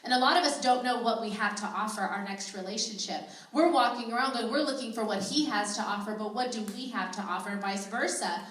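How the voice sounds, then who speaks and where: Woman talking on and on at a panel, bit high, echoey far mic. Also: brisk, hardly any pauses, a bit bright. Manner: earnest, flowing. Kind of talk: panel talk.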